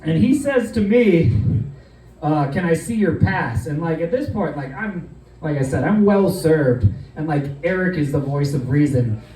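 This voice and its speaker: A man's voice: a little high, animated, unhurried, warm tone, roomy sound, far from the mic, poor audio. A man telling a loose, profane comedic story, rambling along with plenty of fillers.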